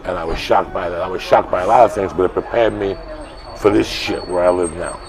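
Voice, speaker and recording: A man being interviewed outdoors, telling blunt, swearing stories that build to loud, animated bursts. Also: deep voice, a little fast, rough recording. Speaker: interview guest. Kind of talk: profane storytelling in conversation. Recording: street crowd and traffic behind.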